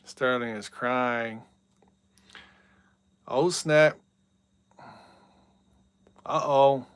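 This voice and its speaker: Smooth-voiced male game streamer. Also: mid-range voice, steady tone, moderate pace, no echo. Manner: chatty, reads out viewer messages, yells at big plays. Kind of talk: casual live-stream chat.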